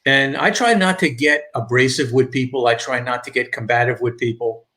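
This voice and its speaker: A man's voice: medium pitch, normal speed, pushed and bright. A middle-aged man from New York with a thick New York accent, hosting a casual live stream chat, rambling with restarts and reading viewer comments. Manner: rambling, repeats and restarts, reads chat aloud.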